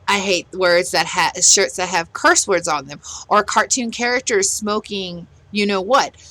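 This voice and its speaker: Ranting bluntly and casually as she plays a game, a middle-aged gaming vlogger lets out her exasperation with a sharp edge. She has a bright, forceful, mid-range voice, and the audio quality is poor.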